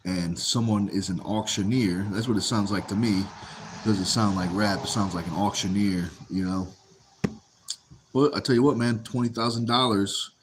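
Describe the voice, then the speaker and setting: A man's voice: lowish voice, a little hiss or hum. A man hosting a casual livestream, reading viewer comments aloud and answering in an easygoing way, often saying a phrase twice. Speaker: livestream host.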